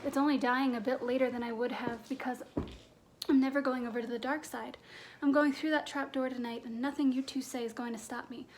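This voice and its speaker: A determined young boy wizard , played by a woman reading, talks with urgent intensity. The voice sits high and presses forward. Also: steady tone, fairly quick, slight background noise, natural voice. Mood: fierce.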